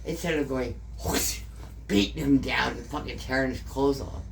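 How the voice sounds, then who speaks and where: Steady in tone and very deep, with vocal fry, this Canadian woman speaks at a normal pace against a faint hiss or hum. She's sharing an emotional story in a casual interview, swearing a lot and repeating herself.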